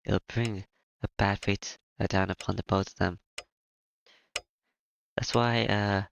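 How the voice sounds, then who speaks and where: A man reading a visual novel aloud in a plain, steady voice, stumbling and restarting now and then. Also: lowish voice, measured pace, gravelly, pauses often, muffled recording. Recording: music playing behind.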